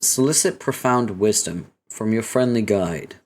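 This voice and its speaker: A man's voice: on the low side, animated, unhurried. A man streaming a webcomic reading who talks casually, swears freely and laughs often.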